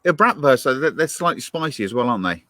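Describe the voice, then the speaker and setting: A man co-hosting a church's weekly show, telling animated stories and acting out the voices he quotes. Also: medium pitch, fast, no room sound. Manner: animated storyteller, acts out quoted voices, laughs often. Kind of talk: casual chat.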